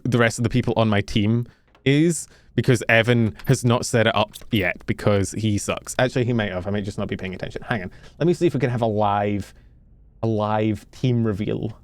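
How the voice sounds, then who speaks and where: A young British man streams while he plays, chatting casually and rambling in a jokey, self-mocking way. His voice is lowish and his pace moderate.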